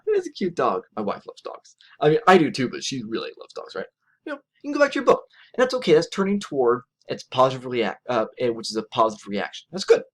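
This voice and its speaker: A man giving a recorded lecture in a conversational, animated way, often ending points with "right?". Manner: animated, conversational, acts out quotes in a higher voice; frequent "right?" tag questions.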